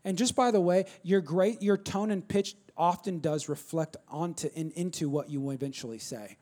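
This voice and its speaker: High-voiced animated male preacher. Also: moderate pace. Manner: animated, swings from loud emphatic bursts to low quiet asides. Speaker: pastor. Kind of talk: sermon.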